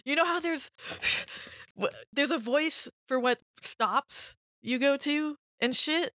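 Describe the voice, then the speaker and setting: A woman's voice: sits high, slow pace, bright, forceful tone, dry recording, clean studio sound. A woman co-hosting a podcast in casual chat, laughing often. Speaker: podcast co-host.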